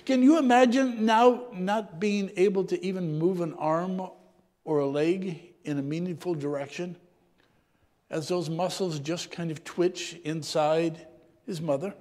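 Man preaching, reflective sermon, high voice, throat clearing, long hall reverb. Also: steady tone, measured pace. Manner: reflective, often clears his throat, voice dropping low and soft at times. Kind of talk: sermon with scripture reading.

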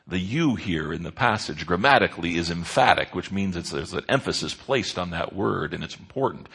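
A man's voice: low-pitched, animated, fairly quick, gravelly, hardly any pauses, a bit bright, slightly rough. A man preaching a sermon in an earnest way, stressing key words with rises and drops. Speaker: pastor.

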